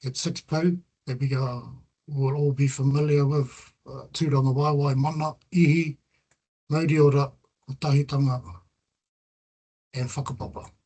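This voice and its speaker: A man's voice: mid-range voice, little pitch movement, moderate pace, mellow. A middle-aged man with a New Zealand accent gives an earnest, reflective presentation about his research. He weaves Māori terms into his English. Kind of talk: presentation talk with slides.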